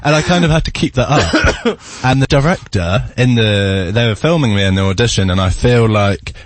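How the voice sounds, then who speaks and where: A man's voice: medium pitch, animated, moderate pace, no echo. A man, a singer and actor, chatting as a radio guest and telling stories with frequent laughs. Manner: laughs often, tells stories. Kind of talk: casual interview chat. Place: radio studio.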